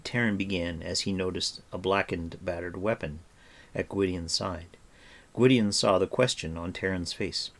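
A man narrating a storybook with an expressive reading. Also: deep voice, measured pace.

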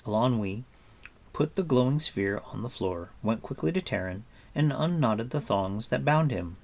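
Gravelly, expressive male storyteller. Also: lowish voice, moderate pace. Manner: expressive storyteller, acts out sounds and moods. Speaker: audiobook narrator. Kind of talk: scripted fantasy narration.

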